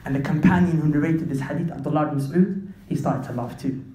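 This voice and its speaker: A fervent man delivers a sermon in a reverberant room, his voice sitting a little high for a man. He speaks directly to his listeners as brothers and mixes in street slang. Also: fast talker, warm tone. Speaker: Islamic preacher.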